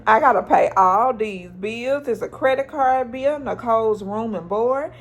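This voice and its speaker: A woman voicing an overwhelmed, sharp-tongued middle-aged woman in a raised, pleading voice with gravel in it. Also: a little slow. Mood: distressed pleading. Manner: high-pitched pleading, then snapping.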